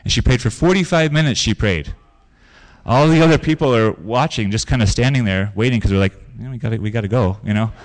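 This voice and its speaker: A man's voice: mid-range voice, brisk. A man preaching a sermon in a conversational way, telling stories and repeating phrases for emphasis. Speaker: pastor.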